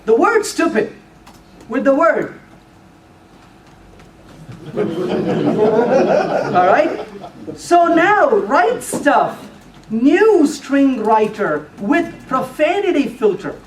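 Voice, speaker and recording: A man's voice: very high-pitched, very animated, very slow, pauses often. A middle-aged man giving a live technical talk to an audience, playful and teasing, quizzing the room with questions. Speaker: conference speaker. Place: meeting room before an audience. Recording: roomy, distant, faint room noise.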